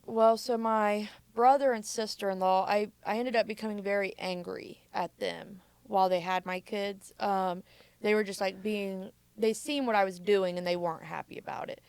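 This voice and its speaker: A woman's voice: mid-range voice, steady tone, normal speed, vocal fry, darkish tone, clear, resonant tone, no echo. A woman, a mother, recounting her past candidly in casual speech full of "like". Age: adult mother. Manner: casual, frequent filler "like". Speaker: podcast guest. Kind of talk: candid personal storytelling.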